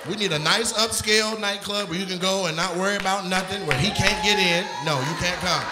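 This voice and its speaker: Male stand-up comic, higher-pitched voice, brash crowd-work roaster, boomy club room with audible audience. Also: brisk, hardly any pauses, echoey room, background noise. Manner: loud, teasing, often shouting and laughing. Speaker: stand-up comedian. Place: comedy club stage.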